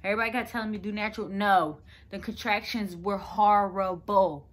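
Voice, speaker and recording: A woman's voice: medium pitch, fairly even intonation, fairly quick. A young woman telling a personal story to her viewers in a chatty, rambling way. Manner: chatty, rambling, lots of "like" fillers. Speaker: vlogger. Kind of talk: casual storytelling to camera.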